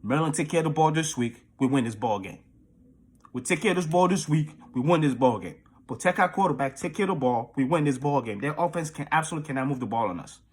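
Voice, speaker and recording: A young man with a husky, slightly raspy voice talks up his team in a fan video. He is loud, profane and full of trash talk, piling on stats with rising excitement. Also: on the high side, fast. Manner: profane, hyped, trash-talking. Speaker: fan previewing a game. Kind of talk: hyped fan video commentary.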